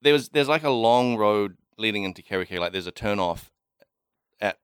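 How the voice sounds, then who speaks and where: A man's voice: fairly low pitch, expressive, brisk, clear, resonant tone, no echo, studio quality. A young man with a New Zealand accent, co-hosting a casual chat, laid-back, laughing often and leaning on fillers. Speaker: podcast co-host.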